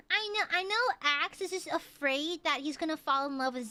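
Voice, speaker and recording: A woman's voice: very high voice, a little fast, sharp tone, soft background music. A young adult woman with a light Southern American twang, chatting casually on a live stream and answering her chat in a playful way. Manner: playful, reads chat aloud, slips into joke voices.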